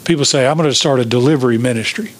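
A pastor preaching an emphatic sermon, asking the congregation questions. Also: male voice, mid-range voice, racing, a little hiss or hum.

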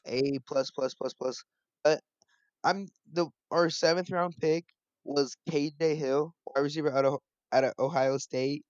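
A young man co-hosting a casual sports podcast, animated and playful, laughing easily. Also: a little high, unhurried, no echo, muffled recording. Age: young adult. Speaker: podcast co-host.

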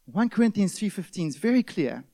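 A man preaching a sermon, stressing key words loudly and then dropping to a hush. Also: high voice, sing-song, brisk, vocal fry. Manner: emphatic preaching, swings between loud stresses and hushed drops. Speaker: pastor.

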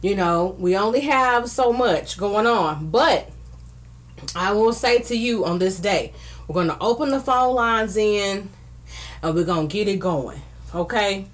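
A woman's voice: medium pitch, lively intonation, measured pace. A woman hosting a live podcast talk show, effusive and playful, greeting listeners by name and laughing often. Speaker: podcast host.

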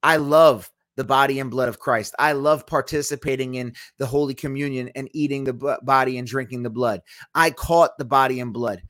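A man's voice: medium pitch, fairly even intonation, moderate pace, a bit bright, no room sound, studio quality. A man hosting a podcast at home, teaching a casual Bible study in an emphatic, argumentative way.

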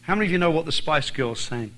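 A man's voice: a little high, lively intonation, quick pace, pushed and bright, poor audio. A man with an Irish accent preaching a sermon as a visiting preacher, driving points home by repeating phrases. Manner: emphatic, repeats phrases for stress.

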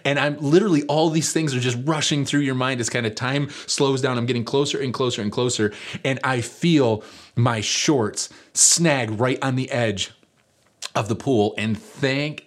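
A man preaching a sermon, telling a personal story in a relaxed, conversational way with many fillers. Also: medium pitch, normal speed. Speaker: pastor.

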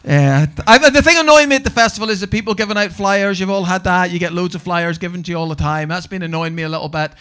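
Sitting high and fairly bright, this Northern Irish stand-up comedian's voice carries a brash, sweary live set at a comedy venue. Teasing the audience is a big part of his act.

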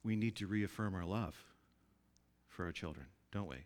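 A man preaching a sermon in a conversational way, often asking his listeners to agree and dropping his voice low and soft for emphasis. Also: moderate pace. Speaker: pastor.

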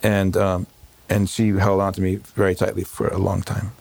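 Low gravelly rabbi recalling a hard day. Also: male voice, completely flat delivery, darkish tone. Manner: halting, full of fillers and restarts. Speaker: rabbi, interview guest. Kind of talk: emotional personal recollection. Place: home.

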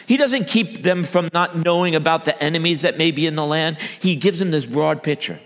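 A man, a church elder, preaching a sermon, swinging between loud emphatic bursts and low quiet asides. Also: brisk, in a large hall.

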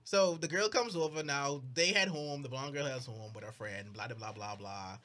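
A young male podcast co-host with a medium-pitched voice recounts a story in casual chat, animated and mock-outraged, slipping into quick put-on voices.

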